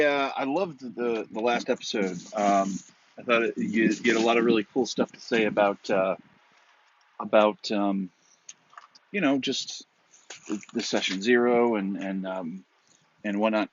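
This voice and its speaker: A man's voice: on the low side, a bit bright, muffled recording, a little hiss or hum. A man, a fellow podcaster, leaving a hesitant voicemail full of ums and restarts. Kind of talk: casual voicemail call-in.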